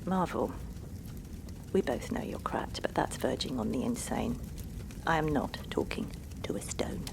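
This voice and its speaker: A woman's voice: very deep voice, expressive, unhurried, vocal fry, in a whisper, voice pushed down, exaggerated voice. A woman voicing a sulky, skeptical schoolboy in a raised voice. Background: music.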